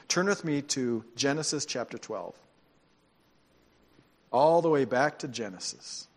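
A pastor with a mid-range voice preaches a sermon, telling stories with animation and slipping into soft, earnest tones.

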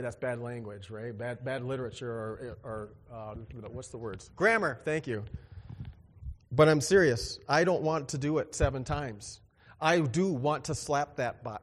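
A man preaching a sermon in an animated, joking way, acting out little dialogues with big swings in his voice. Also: fairly high pitch, in a large hall. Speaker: pastor.

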